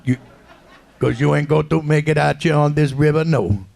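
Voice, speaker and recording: A man voicing a gruff old Cajun riverboat captain with a Cajun accent, talking in a slow, grumbling drawl. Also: on the high side, a little mellow, no room sound.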